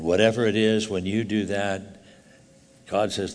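An older man preaching a sermon, telling a story with animated, halting restarts that drop to quiet intensity. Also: fairly low pitch, big-room sound, slight background noise.

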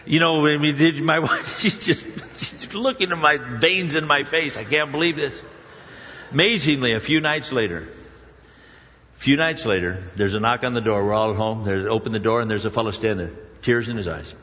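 A man preaching a sermon, telling a personal story with lively shifts between loud exclamations and hushed, prayerful tones. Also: medium pitch, fairly quick. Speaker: pastor. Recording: muffled sound with long hall reverb.

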